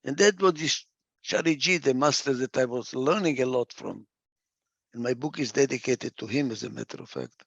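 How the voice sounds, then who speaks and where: A man's voice: medium pitch, moderate pace, creaky, a bit bright, slightly rough, no echo, dull audio. A man giving a reflective talk. He stresses points by repeating phrases, and sometimes stalls over a word and starts again. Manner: gets lost for a word and restarts. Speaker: speaker.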